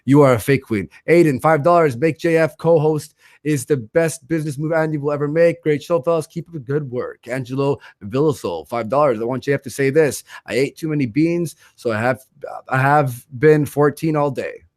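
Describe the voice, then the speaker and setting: A man hosting a livestream, quickly reading out viewer donations and their messages in a casual way. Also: a little high, darkish tone, dry recording, studio quality. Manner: rattles off donor names and messages. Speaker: livestream host.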